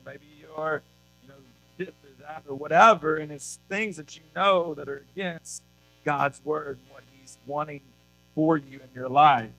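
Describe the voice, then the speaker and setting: A man's voice: fairly high pitch, bright, forceful tone, low-quality recording. A man preaching a youth sermon at a church service in a casual, conversational way, often tossing in rhetorical questions. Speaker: youth pastor.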